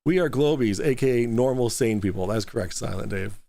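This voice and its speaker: A man's voice: medium pitch, brisk, creaky, dark tone, dry recording. A man hosting a live stream, mocking and sarcastic, laughing often as he comments. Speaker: host reacting to a debate stream.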